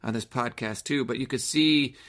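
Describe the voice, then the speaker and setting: A podcast co-host with a medium-pitched, fairly bright voice discusses a poem at a moderate pace in a casual, reflective way. He often restarts his phrases as he thinks it through.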